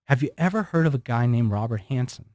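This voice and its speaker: A man's voice: mid-range voice, quick pace, dry recording, studio quality. A man in his forties, a guest on a radio show, telling a story with animation and acting out what people said. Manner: animated storyteller who acts out quotes. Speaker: guest, former FBI surveillance specialist. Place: radio studio.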